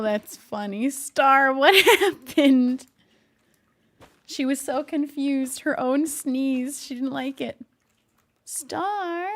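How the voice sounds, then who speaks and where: A woman streamer chatting casually with her live viewers, laughing often and talking to her cat between thoughts. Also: sits high.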